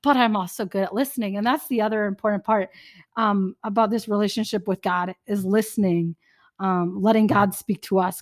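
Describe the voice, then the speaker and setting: A young woman co-hosting a casual faith podcast, chatty and animated, acting out little bits of dialogue as she talks. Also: medium pitch. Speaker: podcast co-host.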